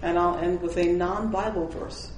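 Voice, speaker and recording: A woman's voice: lowish voice, steady tone, moderate pace, a little mellow, slight background noise. A woman leading an informal Bible study who tells stories with animation, acts out the people she quotes and often laughs. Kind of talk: informal spoken devotional. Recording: roomy echoing room.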